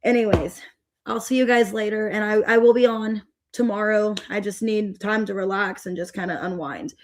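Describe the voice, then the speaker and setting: A woman's voice: mid-range voice, fairly even intonation, moderate pace. A young adult woman hosting a tarot livestream, upset and fed up, venting to her viewers with many restarts. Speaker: tarot reader livestream host.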